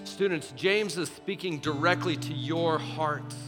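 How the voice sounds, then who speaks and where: A young man preaching to students as a youth pastor, telling the story in a casual, animated way with many fillers. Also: a little high, takes it slowly, hardly any pauses. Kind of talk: sermon. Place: church auditorium. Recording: large hall with long reverb, faint music.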